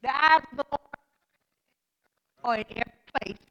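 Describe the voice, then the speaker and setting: A middle-aged woman pastor preaches in call-and-response style, her voice very high and bright. She swings from quiet asides to ringing shouts. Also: normal speed, highs cut off. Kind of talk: sermon.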